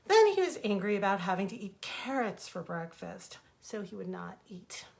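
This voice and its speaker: A woman author reading her own fables aloud as bedtime stories, gentle and expressive, into a webcam. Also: medium pitch, moderate pace, creaky.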